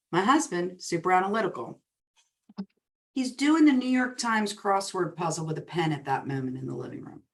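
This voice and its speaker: A woman with a somewhat low voice gives a coaching talk to real estate agents. She tells stories in a lively way and slips into the voices of the people in them. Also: moderate pace. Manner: lively storyteller who acts out quoted dialogue. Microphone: webinar recording.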